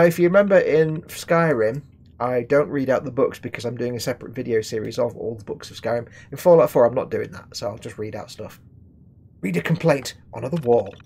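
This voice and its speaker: A man's voice: medium pitch, a little mellow, slightly rough. A British man streaming a game, chatting casually and reading in-game letters aloud with wry, swearing asides. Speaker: gaming streamer. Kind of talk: casual let's-play commentary, reading in-game texts.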